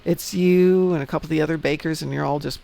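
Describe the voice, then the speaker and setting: A man's voice: fairly high pitch, steady tone, fast, gravelly, dark tone. A man from Chicago hosting a game stream, chatting casually and joking as he goes. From Chicago, United States. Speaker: stream host. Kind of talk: casual chat while gaming.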